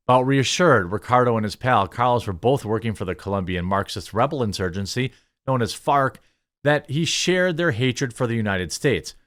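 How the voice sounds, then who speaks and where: A man's voice: on the low side, expressive, normal speed, fairly bright tone. A man hosting an online commentary video, reading article excerpts aloud and answering them with mocking, indignant remarks. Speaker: commentary channel host.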